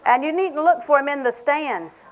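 A woman's voice: sits high, moderate pace, rough recording. An older woman preaching a sermon in a folksy, humorous way, acting out little conversations. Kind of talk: sermon to a women's audience.

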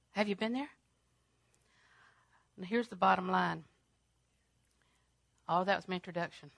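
A woman preaching a sermon, swinging from loud, emphatic declarations to hushed, near-whispered lines, repeating phrases for emphasis. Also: mid-range voice, unhurried, gravelly, pauses often, slightly rough, dry recording.

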